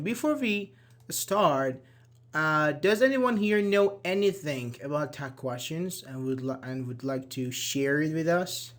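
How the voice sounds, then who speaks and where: A man with a fairly high voice teaches an English grammar lesson to an online class. He explains patiently, repeating key words and using "uh" and "okay" often as he goes. He talks into a computer mic on a video call.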